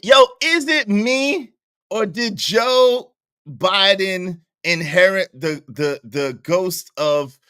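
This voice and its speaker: A man doing casual livestream reaction commentary, animated and profane, laughing often and repeating himself for emphasis. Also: sits high, slow, smooth, dry recording, clean studio sound.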